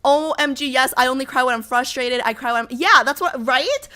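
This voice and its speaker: A young woman streaming and chatting casually, rambling with lots of fillers, a little sick so her voice sits lower than usual. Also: fairly quick, hardly any pauses, pushed and bright. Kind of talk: casual livestream chat.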